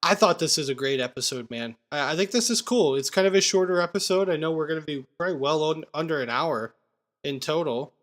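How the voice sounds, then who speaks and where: A man's voice: fairly high pitch, lively intonation, fairly quick, fairly bright tone. A man co-hosting a movie podcast, casually recapping scenes and chatting with his co-host. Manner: recaps scenes, acts out quotes. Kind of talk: casual movie review chat.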